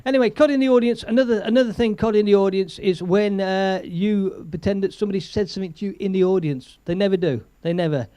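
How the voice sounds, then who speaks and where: An older comedian hosting a live stream, chatting in a rambling way and telling jokes, with frequent chuckles and thanks to viewers. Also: male voice, high voice, steady tone, fast, few pauses, warm tone, smooth, no room sound. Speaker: comedian host.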